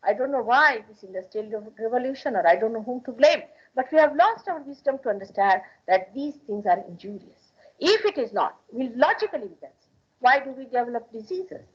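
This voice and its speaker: Indian woman, spiritual teacher, emphatic moral talk, breathy voice, muffled old recording. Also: on the high side, expressive, brisk. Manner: emphatic, moralizing, repeats phrases for stress. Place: public hall. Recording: dull lo-fi archival 1981 recording.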